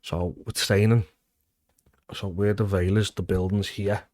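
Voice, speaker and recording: A man's voice: lowish voice, unhurried, dry recording. A man in his thirties, a former footballer with a Liverpool accent, telling stories in a casual interview, acting out quotes and swearing freely. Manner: animated, swears freely, acts out quotes loudly.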